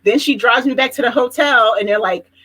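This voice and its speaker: Husky Philly woman telling stories. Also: on the high side, fairly quick, poor audio. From Philadelphia. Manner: animated storytelling, laughs often. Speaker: host. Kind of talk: casual live chat.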